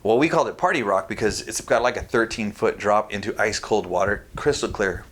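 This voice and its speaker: A middle-aged man from California, swearing freely as he tells stories. He is animated and talks casually on a podcast. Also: fairly low pitch, fairly quick. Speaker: podcast guest. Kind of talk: casual storytelling chat.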